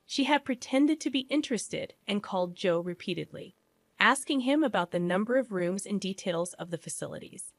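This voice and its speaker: A woman narrating a first-person family story in an even, measured way. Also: mid-range voice, no room sound.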